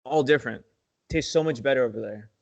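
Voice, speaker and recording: A man's voice: medium pitch, fast, gravelly, dry recording, lo-fi sound. A young man co-hosting a podcast in casual chat, slangy and swearing often, calling his friend dude and bro. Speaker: podcast co-host.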